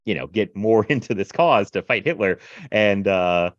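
A man casually reviewing a film in animated, rambling podcast chat, full of fillers and laughs. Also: on the low side, normal speed, no echo, dull audio. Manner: animated, filler-heavy retelling with laughs and mimicry.

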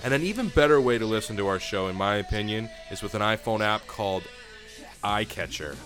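A man with a bright, forceful voice chats casually as co-host of a wrestling podcast. He is laid-back and slips into an announcer's delivery when he plugs the show, with faint music underneath. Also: on the low side, lively intonation, brisk.

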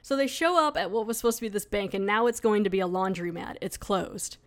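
A woman's voice: medium pitch, brisk. A woman hosting a casual review podcast, chatty and rambling with lots of fillers. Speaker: podcast host.

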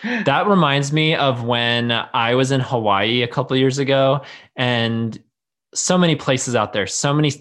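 Playful, enthusiastic man, mid-pitched voice. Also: a little slow, a bit bright. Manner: playful, enthusiastic, laughs a lot. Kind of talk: casual chat.

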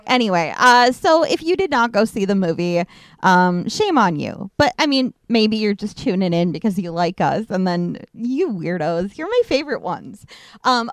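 Woman podcast cohost, casual and blunt, clean smooth voice, dry close sound. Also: medium pitch, no room sound. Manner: candid, laughs easily, swears casually. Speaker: podcast co-host. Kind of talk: casual movie review chat.

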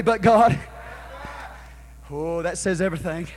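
A male pastor preaching a sermon, calling on the congregation to answer back and building to shouts. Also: on the high side, normal speed. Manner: preaching with call-and-response, rising to shouts. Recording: live church sermon recording.

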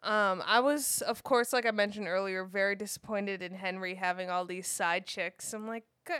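A woman's voice: medium pitch, fairly even intonation, moderate pace, fairly bright tone, smooth, dry recording, clean studio sound. A woman co-hosting a podcast in casual chat, joking and teasing. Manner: joking, laughs easily, playful teasing. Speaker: podcast co-host.

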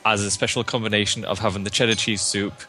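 A man co-hosting a casual podcast chat, talking in a halting way with restarts. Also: on the low side, faint music behind. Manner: hesitant, restarts, animated. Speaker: podcast co-host.

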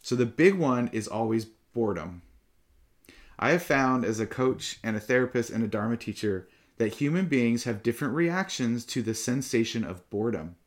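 A middle-aged man giving a Dharma talk to his students as a meditation teacher, calm and reflective but livelier when he tells stories. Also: mid-range voice, moderate pace.

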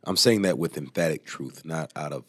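A man's voice: extremely low pitch, moderate pace, dry recording, studio quality. A man, talking emphatically as an interview guest, often laughing. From Alabama, US. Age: 30s. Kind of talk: casual interview talk.

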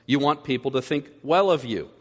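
A male pastor delivering a sermon with animated energy. He acts out everyday scenes in other voices to make his point. His voice carries a long reverb, as if spoken in a large church hall. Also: medium pitch, fairly quick.

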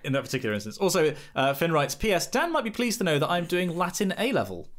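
A man's voice: fairly high pitch, very animated, fast talker. A man co-hosting a podcast, chatting in a wordy, playful way with wry asides. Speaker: podcast co-host. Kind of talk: casual chat.

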